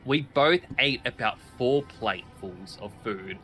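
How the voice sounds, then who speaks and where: As a guest on a livestream, a man tells a long, animated anecdote in casual chat, acting out the voices of the people in it. His voice is medium-pitched and a little slow, with soft music in the background.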